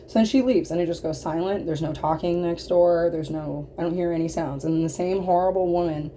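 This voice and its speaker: Indignant woman ranting, low mellow voice. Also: steady tone, a little fast, slight background noise. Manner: indignant, exasperated, filler-heavy and blunt with swearing. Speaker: vlogger telling a story. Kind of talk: storytime rant.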